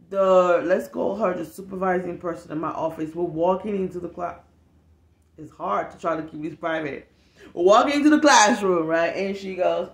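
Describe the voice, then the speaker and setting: A woman telling a story from her work with kids in a blunt, profane, animated way, acting out the lines of other people. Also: lowish voice, moderate pace. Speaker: storytime vlogger who works with kids. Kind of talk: casual storytime monologue. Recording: roomy echo.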